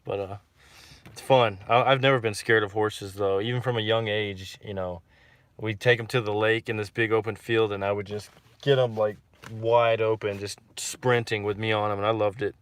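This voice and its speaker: A man's voice: on the low side, steady tone, normal speed, fairly bright tone, clear, resonant tone, no echo. Rambling Texan man chatting on a livestream. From Texas. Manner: rambling, repeats words, frequent fillers. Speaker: livestream host reading viewer comments. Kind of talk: casual livestream chat.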